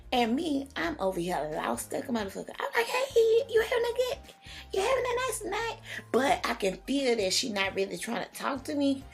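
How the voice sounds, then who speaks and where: A young woman vlogger telling a storytime in casual slang, jumping up high when she quotes herself. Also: vocal fry. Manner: animated, slangy, big pitch jumps for quoted lines. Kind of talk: storytime vlog, casual retelling.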